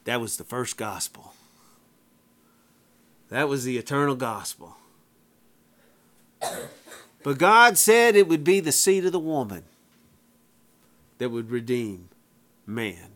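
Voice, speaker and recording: A man's voice: mid-range voice, sing-song, slow, pauses often, fairly bright tone. A man preaching a sermon, emphatic, repeating phrases for effect in plain folksy wording.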